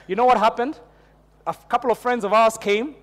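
A man's voice: very high-pitched, steady tone, a little fast, a bit bright, long reverb tail. A man preaching a sermon to a church congregation, telling a personal story and building into fervent prayer. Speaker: pastor.

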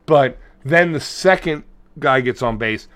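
A man's voice: medium pitch, unhurried. A man co-hosting a podcast, ranting and swearing as he retells a movie in casual chat. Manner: profane, ranting, animated retelling. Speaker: podcast co-host.

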